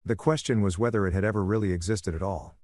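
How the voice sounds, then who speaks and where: A man reading a first-person story aloud as narrator, in a measured, even storytelling manner. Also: lowish voice, dry recording.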